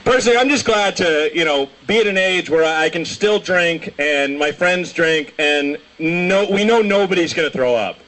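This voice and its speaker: A young man doing a stand-up comedy set, telling rambling stories and breaking into shouted impressions. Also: fairly high pitch, normal speed, few pauses. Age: young adult. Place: small comedy show venue.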